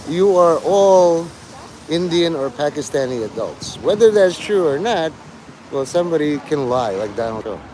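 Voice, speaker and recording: A man's voice: on the high side, animated, moderate pace, darkish tone, slight background noise. A man livestreaming, rambling and teasing his chat, breaking into mock-angry, swearing rants.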